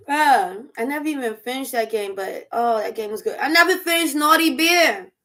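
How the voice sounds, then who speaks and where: A woman chatting casually over dinner as a vlog host, animated, laughing often and riffing through asides. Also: high-pitched, measured pace. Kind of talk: casual chat while eating dinner.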